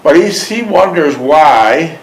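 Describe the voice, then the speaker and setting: A man's voice: a little high, expressive, takes it slowly. A man hosting an interview, patiently asking questions and repeating them. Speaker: interviewer host. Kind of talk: casual interview. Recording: roomy echo.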